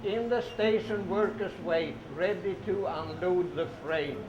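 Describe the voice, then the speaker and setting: A man with a high voice reads train picture books to small children, slow and sing-song, echoing each word and coaxing them to join in. The recording is roomy and echoey, with a dull lo-fi sound. Steady hiss runs underneath. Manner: sing-song, repeats words, prompts kids to say sounds along. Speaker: storybook reader for children.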